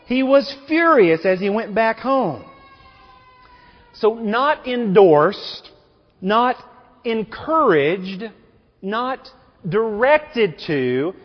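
Lively high-voiced male preacher. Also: in a large hall, muffled recording. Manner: animated storytelling, slangy paraphrase of scripture. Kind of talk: sermon.

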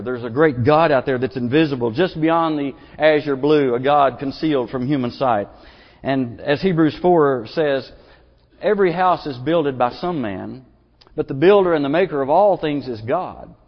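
A folksy preacher from Arkansas, his voice a little high, gives an earnest sermon in a church sanctuary, restarting his sentences again and again. The recording is dull and lo-fi, with long church reverb.

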